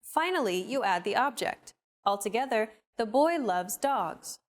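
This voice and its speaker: Scripted lesson narrator: a woman, clear and upbeat, a little high-pitched with a lively voice. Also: a little slow.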